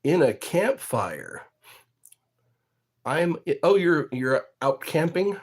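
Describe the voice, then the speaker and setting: A man with a slightly high, very animated voice speaks slowly while hanging out with viewers on his stream. He goes off on tangents, jokes, reads comments out loud, and often laughs at what he just said.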